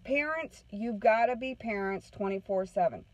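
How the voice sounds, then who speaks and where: A woman's voice: a little high, normal speed, highs cut off. A woman counselor telling a story in casual talk to a group, often checking in with "okay?". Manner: chatty storytelling, keeps asking "okay?". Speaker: parenting counselor.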